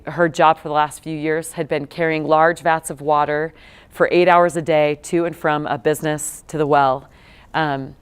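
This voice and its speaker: This guest speaker, a co-founder of a nonprofit and a woman in her thirties, speaks with a low, smooth voice. She addresses students in a lecture room, chatting through her stories with plenty of fillers and false starts.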